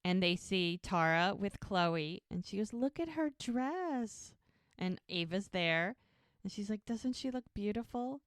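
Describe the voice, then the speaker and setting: Low, smooth-voiced woman recapping a show. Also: measured pace, fairly bright tone, no room sound, studio quality. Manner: retells scenes by acting out lines, laughs often. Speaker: podcast co-host recapping a TV episode. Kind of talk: casual chat.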